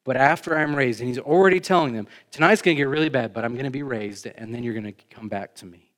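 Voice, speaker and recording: A pastor preaches a sermon conversationally, tossing joking asides to the congregation and rising for emphasis before dropping low. He talks fast, with a fairly bright tone.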